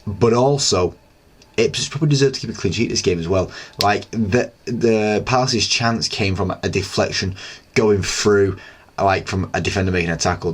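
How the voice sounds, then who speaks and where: A young man hosting a casual solo football recap, chatty and excitable, rambling with lots of fillers. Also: low-pitched, a little hiss or hum. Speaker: football channel host.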